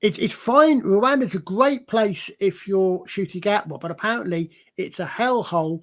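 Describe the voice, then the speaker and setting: A man from England with a high-pitched voice talks in a casual panel discussion. He is hesitant, stammers as he starts his points, and weighs each word before going on. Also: normal speed, a bit bright. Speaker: podcast panelist.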